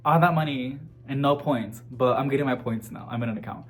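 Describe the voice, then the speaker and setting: A man vlogging about houseplants in a chatty, animated way, full of casual fillers. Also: mid-range voice, brisk, faint music behind. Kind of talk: casual chat to camera.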